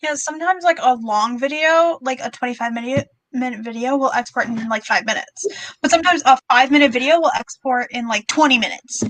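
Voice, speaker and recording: A woman's voice: high-pitched, fairly quick, fairly bright tone, rough recording. A young woman chatting casually during a writing sprint, laid-back and filling her speech with "like". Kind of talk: casual chat.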